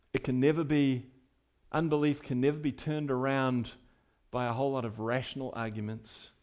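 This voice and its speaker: A pastor preaching a sermon to his congregation, emphatic, his voice swinging between loud and quiet. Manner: emphatic preaching with wide swings in pitch and loudness.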